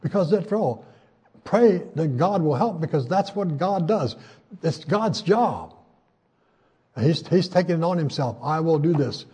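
An older man preaches in an easygoing, conversational way, with a voice that sits fairly high. It is soft and husky, with a dark, mellow color. He stops often to hesitate, then lifts his voice when he quotes scripture. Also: lively intonation, a little slow. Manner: folksy, conversational, frequent hesitations; voice rises when quoting scripture. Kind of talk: sermon.

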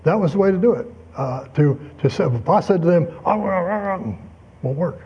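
A man's voice: fairly high pitch, fairly quick, slightly rough, dull audio. An older man teaching a Bible lesson in a folksy, conversational way, full of asides and personal anecdotes. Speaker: preacher.

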